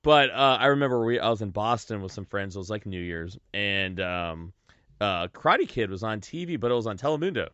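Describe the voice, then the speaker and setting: A middle-aged man co-hosting a casual sports podcast, excitable and rambling, with lots of fillers and laughter. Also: lowish voice, brisk, smooth, no room sound. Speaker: podcast co-host. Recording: dull, dry lo-fi podcast mic.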